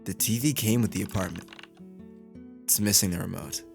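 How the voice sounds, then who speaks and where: A man's voice: low voice, moderate pace, gravelly, music in the background. A man giving casual, joking commentary on a game playthrough, swearing freely and rambling as he reacts. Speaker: gaming content creator.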